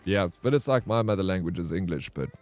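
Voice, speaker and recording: A man's voice: sits low, expressive, fast talker. A man from South Africa with a South African accent, chatting casually on a live game stream, joking and teasing viewers. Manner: joking, teasing banter, greets and thanks viewers. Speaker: variety streamer. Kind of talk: casual live-stream chat while gaming.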